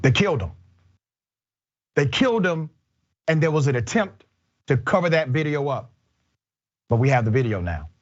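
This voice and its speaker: A man's voice: a little high, sing-song, moderate pace, long pauses, lo-fi sound. A male host of a political commentary show who speaks in short, emphatic statements.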